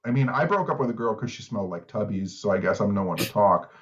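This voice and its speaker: Talking fast and expressively in a fairly low voice, a middle-aged podcast co-host tells rambling, casual stories littered with "like" and other fillers. The chat comes through with slightly dull lo-fi sound.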